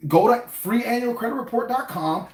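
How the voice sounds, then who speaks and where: A man's voice: extremely high pitch, animated, moderate pace. A middle-aged man with an African American English accent, talking casually to the camera about money, repeating himself and asking viewers questions. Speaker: finance vlogger. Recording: echoey room.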